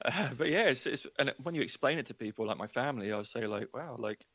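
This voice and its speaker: English guy from luton, chatty storyteller, mid pitch, dry close sound. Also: fast, no echo. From England. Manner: chatty, animated storytelling with quoted voices. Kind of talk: casual chat.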